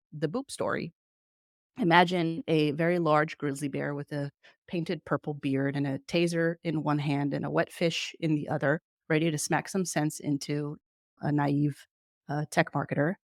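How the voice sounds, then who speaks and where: A woman's voice: low voice, no echo, clean studio sound. A woman, a marketing agency founder and podcast host, telling a candid, casually blunt story in a presentation to marketers.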